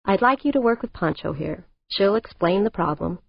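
A woman narrator voicing a composed male corporation head with a measured, wry manner. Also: medium pitch, lively intonation, creaky, breathy edge, no room sound. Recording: dull lo-fi audiobook recording.

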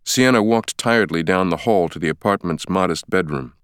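A deep male voice reads an audiobook with steady, measured pacing. His tone is smooth and resonant, recorded close and completely dry. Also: no echo. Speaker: audiobook narrator. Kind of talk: scripted audiobook narration. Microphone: close studio mic.

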